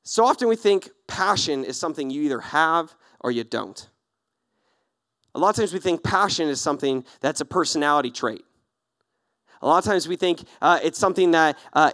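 A male pastor preaches with a high, lively voice, acting out little back-and-forth scenes. The sound is dry and close, with almost no room behind it. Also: normal speed, dry recording. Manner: animated, acts out little dialogues. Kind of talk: sermon.

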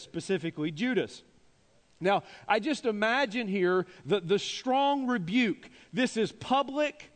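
A male pastor preaching a sermon, moving between quiet reflective stretches and raised, emphatic passages, with dry humorous asides. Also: high voice. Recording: long reverb of a large church hall.

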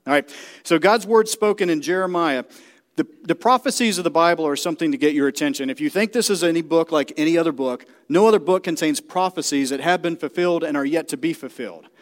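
A man's voice: fairly high pitch, fast talker. A man preaching a sermon in a church, speaking directly to the congregation and often checking that they follow.

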